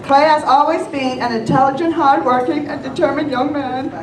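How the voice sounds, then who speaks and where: Middle-aged woman, high voice, earnest proud speech, echoey hall from afar, crowd. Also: fairly even intonation, moderate pace, far from the mic. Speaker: candidate's mother giving a speech. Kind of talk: prepared speech.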